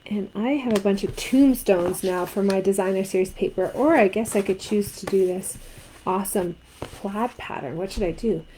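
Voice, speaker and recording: A woman's voice: mid-range voice, moderate pace, warm tone, a little hiss or hum, low-quality recording. A woman from Canada teaching a card-making craft tutorial, chatting and asking viewers what they think. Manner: chatty, asks viewers questions.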